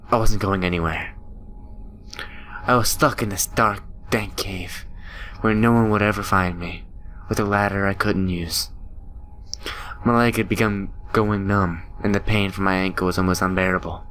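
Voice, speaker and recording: Young man, gaming youtuber, dramatic read-along, low-ish voice, faint music. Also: steady tone, normal speed, a bit bright. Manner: dramatic reading with joking asides. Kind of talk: reading a visual novel aloud with commentary.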